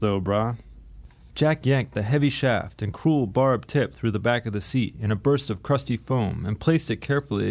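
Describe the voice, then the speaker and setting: Male audiobook narrator, steady, dry delivery, middle pitch.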